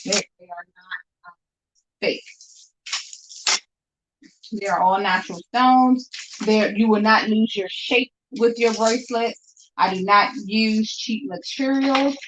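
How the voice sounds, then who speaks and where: Over a noisy background, a woman with a mid-range voice takes her time, leaving long pauses. She's a jewelry seller on a live stream, chatting cheerfully and directly with viewers about her handmade bracelets from a room at home, and the lo-fi stream audio sounds dull.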